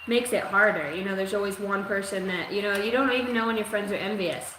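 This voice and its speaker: A woman gives a psychic reading on a live stream, speaking in a rambling, profane, streetwise manner. Her medium-pitched voice moves fairly quickly, and the recording has an echoey room with steady noise.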